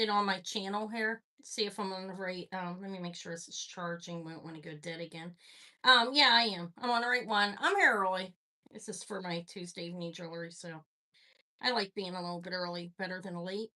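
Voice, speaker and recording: A woman's voice: medium pitch, bright, forceful tone. A woman hosting a live jewelry sale stream, chatting casually and rambling as she greets viewers by name.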